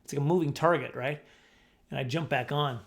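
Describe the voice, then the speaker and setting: A man's voice: a little high, a little fast, gravelly, slight background noise. A man telling a rambling, self-mocking comic story about his childhood, often acting out the voices of the people in it. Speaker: comedian telling a personal story. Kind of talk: casual storytelling monologue.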